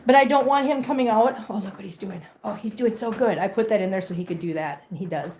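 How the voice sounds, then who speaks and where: A woman's voice: mid-range voice, fast talker, darkish tone, slight background noise. A woman chatting casually at home, talking doting baby talk to her cats and chatty asides to her viewers. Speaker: cat owner vlogger. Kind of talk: casual chat to pets and viewers.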